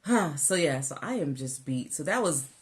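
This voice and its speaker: A woman co-hosting a casual weight-loss vlog, animated and laughing, tired from a busy week. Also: normal speed. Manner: animated, laughing, rising pitch when exasperated. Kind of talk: casual chat.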